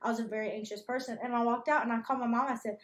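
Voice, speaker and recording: A woman's voice: fairly high pitch, steady tone, rapid-fire, roomy sound. A young woman, a college student telling stories in a casual chat and laughing often. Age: young adult.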